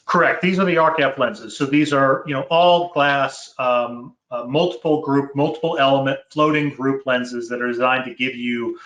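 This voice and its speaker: A man explaining technical design details in a casual chat, measured and full of fillers. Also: mid-range voice, fairly bright tone. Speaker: product manager. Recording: roomy echo.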